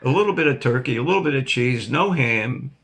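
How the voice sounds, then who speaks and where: A man's voice: medium pitch, animated, fairly quick, gravelly, a bit bright. An older man hosting his own vlog, telling a rambling, jokey story to his viewers and laughing at himself. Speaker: vlog host.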